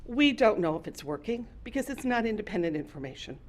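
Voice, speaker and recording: A woman's voice: medium pitch, very animated, fast, slight background noise. A woman resident speaking at a city planning meeting, earnest and emotional. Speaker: resident giving public comment. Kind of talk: public comment at a city meeting.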